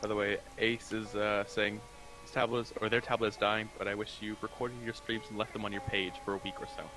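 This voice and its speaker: Man on a call, lowish voice, blunt casual talk, music behind. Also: little pitch movement, fast, sharp tone, rough recording. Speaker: stream guest.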